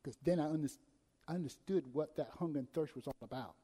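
High-voiced preacher in a reverberant hall. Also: male voice, fast talker, breathy edge. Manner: dramatic swings between loud and hushed delivery. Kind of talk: sermon.

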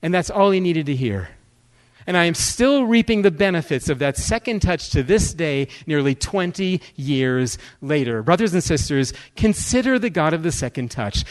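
A man delivering a sermon as a guest preacher with an impassioned, dramatic delivery. He drops low and quiet, then presses in with urgency. His voice sits a bit high for a man. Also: poor audio. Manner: impassioned, dramatic swings between hushed and urgent.

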